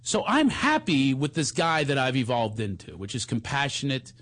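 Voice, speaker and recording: A man in his forties, a comedian, telling animated stories in a casual chat and sometimes breaking into theatrical singing. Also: moderate pace. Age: 40s. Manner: animated storyteller, bursts into high theatrical singing.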